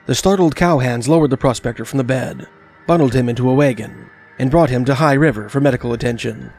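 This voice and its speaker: A man reading a scripted documentary narration in a measured, even storytelling manner. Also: medium pitch, soft background music.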